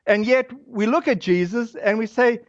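A man with a fairly high voice preaches in a loose, chatty way, often slipping in fillers and quick asides. The sound is very dry with no room around it, and the recording is a little dull and lo-fi. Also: no room sound. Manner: casual and animated, acts out quoted voices, many fillers. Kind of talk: conversational sermon.

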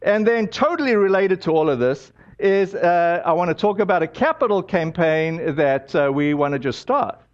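High-voiced pastor preaching conversationally. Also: male voice, animated, normal speed, few pauses, lo-fi sound. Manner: conversational storytelling with many fillers. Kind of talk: sermon.

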